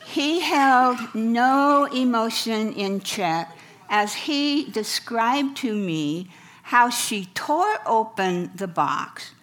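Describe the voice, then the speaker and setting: A woman's voice: a little high, expressive, drawn-out words, a bit bright. A middle-aged woman, a counselor, telling personal stories to an audience with wry humor. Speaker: counselor and speaker. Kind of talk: storytelling talk.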